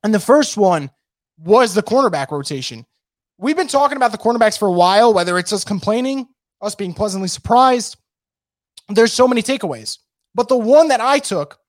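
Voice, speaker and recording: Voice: medium pitch, no room sound. A sports show host talks through football news in a casual, opinionated way, hammering points by repeating words. The voice is worn from losing it. The recording is close and dry, with no room sound.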